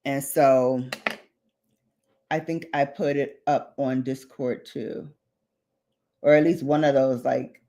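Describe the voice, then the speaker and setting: Speaking slowly with long pauses, this beauty vlogger has a dark, bass voice and fairly even intonation. She does her makeup live, reads out viewer comments and wanders onto tangents.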